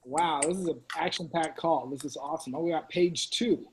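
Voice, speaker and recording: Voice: mid-range voice, fairly quick. A person chatting casually and cheerfully with attendees as they join a video call. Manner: chatty, laughing, upbeat. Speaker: call organizer. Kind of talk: casual chat greeting attendees. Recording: clearly noisy video call line.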